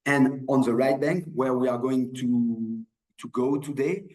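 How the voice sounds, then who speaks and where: A man's voice: medium pitch, steady tone, unhurried, a little mellow, roomy sound, poor audio. French-accented man presenting on a video call. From France. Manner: hesitant, many restarts and fillers. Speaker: wine merchant presenter. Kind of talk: online wine presentation.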